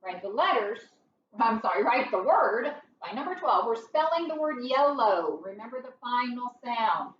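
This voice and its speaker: A woman's voice: on the high side, very animated, slight background noise. A woman teacher leading a classroom phonics lesson, patient and encouraging, recorded in a classroom. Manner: patient, encouraging, slow and drawn-out. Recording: roomy and dull, from far off.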